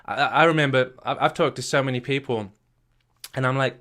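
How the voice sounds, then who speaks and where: A man's voice: mid-range voice, a little fast, a bit bright. A man giving a motivational talk as a marriage coach, emphatic and repetitive, firing questions at the listener.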